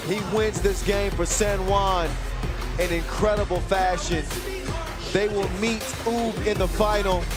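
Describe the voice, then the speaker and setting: A man calling live basketball as play-by-play commentator, shouting hyped calls full of rhymes and wordplay. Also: sits high.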